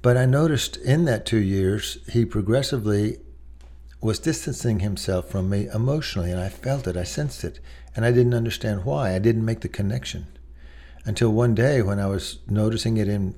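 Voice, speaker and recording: Low, mellow middle-aged male preacher. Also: normal speed. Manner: conversational, personal storytelling with many asides. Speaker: pastor. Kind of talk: sermon.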